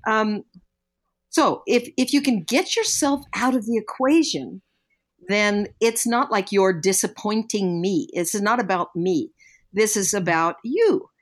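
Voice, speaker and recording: Older woman, podcast co-host, earnest reflective storytelling, animated quotes. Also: mid-range voice, a little slow. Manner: earnest, reflective, animated when quoting others. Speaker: podcast co-host, parenting guest. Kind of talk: casual podcast chat, storytelling.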